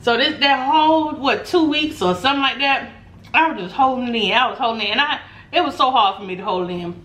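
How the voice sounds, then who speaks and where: A woman vlogger telling a story in a casual chat, animated and laughing often, acting out what people said. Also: high-pitched, fast. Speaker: mukbang vlogger. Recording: roomy echo, faint background noise.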